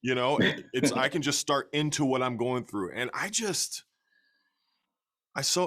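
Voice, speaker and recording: A man hosting his channel, talking earnestly and warmly with a friend on a video call. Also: mid-range voice, expressive, measured pace, long pauses. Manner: earnest, heartfelt, jokey. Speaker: channel host. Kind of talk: casual conversation.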